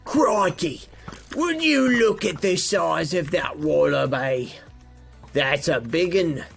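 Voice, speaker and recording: A man voicing an excitable Australian wildlife enthusiast in a put-on Australian accent. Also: a little high, slow, vocal fry, soft background music, exaggerated voice. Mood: excited. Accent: mock Australian.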